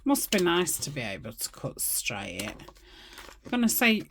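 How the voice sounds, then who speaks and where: Middle-aged woman, low unhurried voice, rambling crafting chat with muttered asides, faint noise behind. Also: wildly swooping pitch. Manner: rambling, chatty, murmurs asides to herself. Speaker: craft channel host. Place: home crafting desk.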